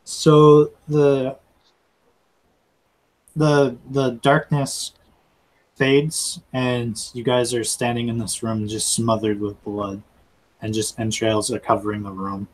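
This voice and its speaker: Slow-talking man running a tabletop game. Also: medium pitch, level tone, low-quality recording. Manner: halting, storytelling with restarts. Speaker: game master.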